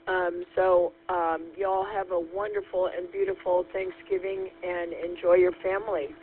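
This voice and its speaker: A woman with a hoarse, scratchy voice from a cold, checking in on a radio net in a halting, apologetic way. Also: lowish voice, level tone. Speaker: net participant. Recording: tinny radio with faint noise.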